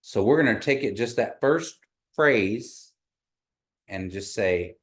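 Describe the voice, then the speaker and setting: Patient low-voiced man teaching a class. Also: lively intonation. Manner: patient, encouraging, slows down to model tones. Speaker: language teacher.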